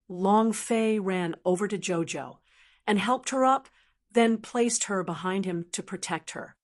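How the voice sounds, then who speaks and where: Woman narrating a fantasy audiobook. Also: mid-range voice. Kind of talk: scripted narration.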